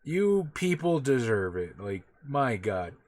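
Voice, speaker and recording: A man running a tabletop game as game master, talking in a relaxed, loose and sometimes profane way. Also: mid-range voice, slow, no echo. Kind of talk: casual chat running a tabletop session.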